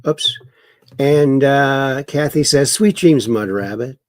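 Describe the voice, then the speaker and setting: A man's voice: mid-range voice, takes it slowly, dry recording, clean studio sound. A man hosting a casual livestream, reading viewer comments aloud and mocking the news with chuckles. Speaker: livestream host.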